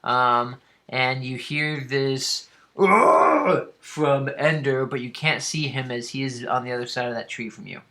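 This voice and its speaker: Halting bright-voiced male game master. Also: medium pitch, fairly even intonation. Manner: halting, with frequent fillers and restarts. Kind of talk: narrating a tabletop game.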